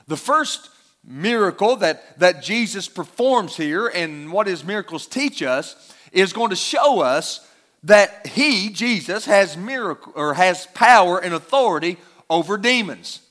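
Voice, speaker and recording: Male preacher, high voice, emphatic expository sermon. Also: animated, unhurried, fairly bright tone.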